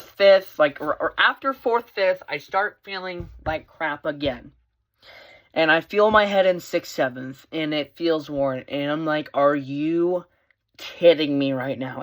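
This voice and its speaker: A teenage boy vlogging, telling a personal story in a casual, rambling way with lots of fillers and restarts, his voice lifting when he gets excited. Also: on the high side. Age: teens. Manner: animated, voice rising when excited.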